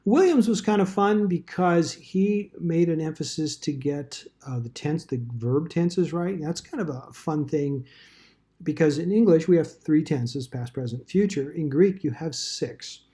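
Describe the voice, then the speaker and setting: A man's voice: a little high, measured pace, mellow. A man teaching a Bible study class in a casual, rambling way, with dry asides.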